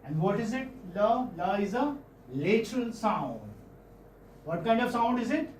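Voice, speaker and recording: A middle-aged man with an Indian English accent lectures on phonetics in class, his voice sitting high with lively intonation and a darkish tone. His pace is unhurried as he repeats words, coaxes students, and checks in with them often. Captured from a distance in an echoey room, the recording carries faint noise.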